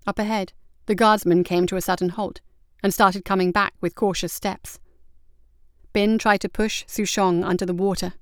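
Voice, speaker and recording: A woman narrating an adventure story in a steady, even storytelling manner. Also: medium pitch, normal speed, no echo, clean studio sound. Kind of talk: audiobook narration.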